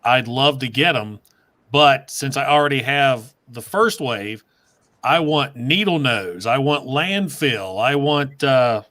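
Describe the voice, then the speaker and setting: A man's voice: mid-range voice, lively intonation, slow, sharp tone. A man talking eagerly as a guest on a livestream panel over a video call. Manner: eager, enthusiastic.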